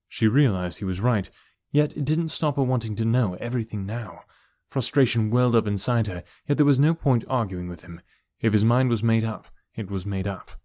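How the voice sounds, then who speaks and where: A man narrating an audiobook novel in a steady, even storytelling manner. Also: fairly low pitch, normal speed, no room sound. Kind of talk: scripted narration.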